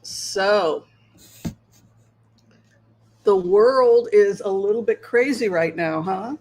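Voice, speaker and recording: A woman's voice: mid-range voice, extremely slow, a little mellow, poor audio. A woman hosting a tarot livestream, chatting casually and rambling as she checks in with her viewers. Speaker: tarot reader and livestream host.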